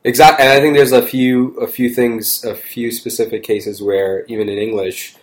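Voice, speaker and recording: A man's voice: mid-range voice, steady tone, normal speed. A man in casual conversation, explaining his views in a rambling, hesitant way. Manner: rambling, hesitant, many restarts.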